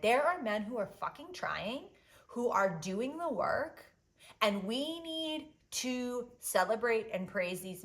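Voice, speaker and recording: Woman in her 30s ranting on her own podcast, mid-pitched voice, loud bursts then low mutters, swears a lot. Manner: animated, swings between loud outbursts and low asides; swears freely, fillers like "like" and "um". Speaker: podcast host. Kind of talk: casual solo podcast monologue.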